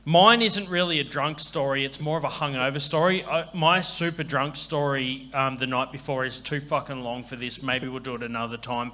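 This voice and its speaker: Aussie host with a bright, edgy voice, a bit higher pitched, cracking crude jokes and launching into a story. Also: male voice. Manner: crude, joking banter and storytelling. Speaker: comedian podcast host. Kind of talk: live comedy podcast storytelling.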